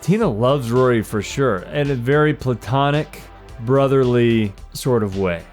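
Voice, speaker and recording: A man's voice: mid-range voice, unhurried, a little mellow, faint music behind. A man playing in a tabletop game, chatting casually and checking details with curiosity. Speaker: player.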